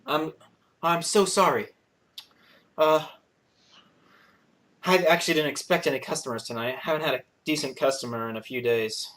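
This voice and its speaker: Man doing a woman innkeeper, flustered, apologetic, faltering, slightly high voice, shaky accent. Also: normal speed, long pauses, fairly bright tone, lightly acted. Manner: failed attempt at an accent.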